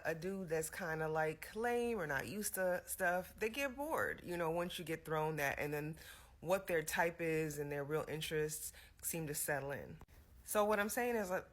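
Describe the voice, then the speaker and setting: A vlogger talking straight to the camera in a relaxed, chatty way, with a bright and sharp-edged voice at a middling pitch. The delivery is loose and rambling, full of "like" and "you know what I'm saying.". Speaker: commentary vlogger. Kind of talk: casual opinion commentary.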